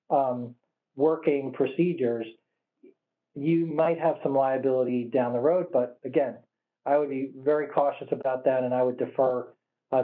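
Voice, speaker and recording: A slightly hoarse man presenting a webinar, answering audience questions in a measured, careful way with many fillers and restarts. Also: mid-range voice. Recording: tinny phone-like line.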